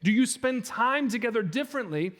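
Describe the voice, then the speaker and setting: Animated high-voiced male pastor. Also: brisk. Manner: animated storytelling, acting out quoted speech. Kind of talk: sermon.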